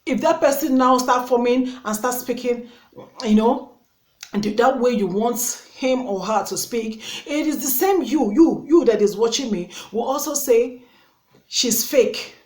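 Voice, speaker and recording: In an echoey room, a YouTuber from Africa with an African English accent berates her critics, firing off rhetorical question after rhetorical question. Her voice is fairly high, a little mellow, and unhurried.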